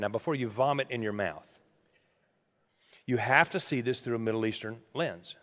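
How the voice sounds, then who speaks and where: A man preaching a sermon, animated and questioning his congregation, in a large church hall. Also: medium pitch, normal speed, long pauses. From United States. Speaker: pastor. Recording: long hall reverb.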